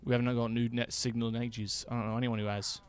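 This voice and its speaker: A man voicing a jaded, world-weary male newspaper writer in a game, using an attempted British accent and a dry, low-energy, sardonic delivery. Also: flat delivery, quick pace, smooth, lightly acted.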